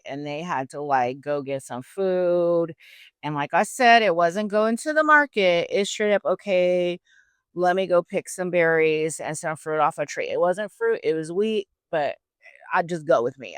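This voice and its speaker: A woman's voice: deep voice, clear, resonant tone, no room sound. A woman podcast host retelling a story casually, with a faith angle and chatty, slangy asides.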